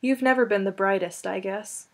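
A woman reading the lines of an earnest young farm boy in a blunt, steady way. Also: mid-range voice, moderate pace, lightly acted.

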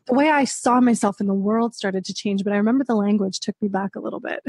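A woman's voice: medium pitch, fast, darkish tone, breathy edge, no echo. A woman hosting a podcast, chatting casually and sharing her own experience with her guest. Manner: relatable, shares own experience. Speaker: podcast host. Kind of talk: casual interview chat.

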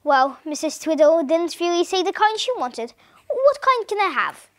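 A woman's voice: very high voice, sing-song, moderate pace. Muddled elderly husband, read by a woman; bumbling, cheerful, storybook.

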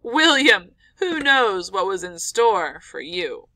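A woman voicing a big, easygoing father who teases his son calmly. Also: medium pitch, slow pace, heavily acted, poor audio. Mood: amused calm. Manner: calm, amused, teasing.

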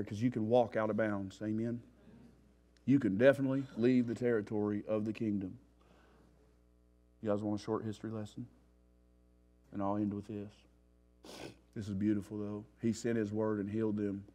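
Speaking at normal speed with frequent pauses, a man with a voice on the low side gives a sermon-style testimony at a church recovery revival. He tells it in street slang, animatedly acting out his former panic.

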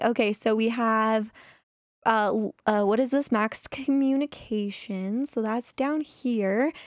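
A woman giving casual let's-play commentary, excitable and chatty as she talks to her viewers. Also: fairly high pitch, no room sound, clean studio sound. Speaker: gameplay commentator.

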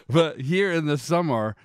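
A middle-aged man with a Scottish accent softened toward American, co-hosting a podcast in a chatty, self-deprecating way full of asides. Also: a little high, clear, resonant tone, no room sound, clean studio sound. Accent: Scottish, worn toward American. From Scotland. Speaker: podcast co-host. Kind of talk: casual conversational podcast chat.

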